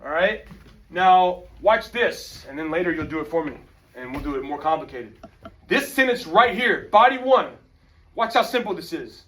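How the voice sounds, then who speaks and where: A male teacher giving an energetic, slangy classroom lecture and calling on students. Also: on the high side, normal speed, recorded from a distance. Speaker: high school history teacher.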